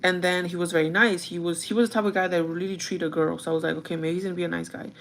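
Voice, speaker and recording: A woman's voice: fairly low pitch, steady tone, rapid-fire, fairly bright tone, slight background noise. A young woman rambles through a personal story for her vlog. She talks casually, drops in plenty of fillers, and slips between languages mid-sentence. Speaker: vlogger. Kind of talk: casual chat.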